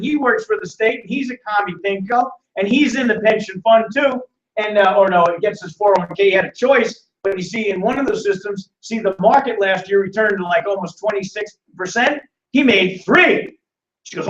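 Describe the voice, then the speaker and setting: A high-voiced man hosts a seminar before a live audience. He sounds animated, acts out the voices of the people in his stories and calls on listeners by name. The recording is roomy and distant, with a dull, lo-fi sound. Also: brisk. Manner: acts out quoted voices in storytelling. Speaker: seminar host. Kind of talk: live financial seminar talk.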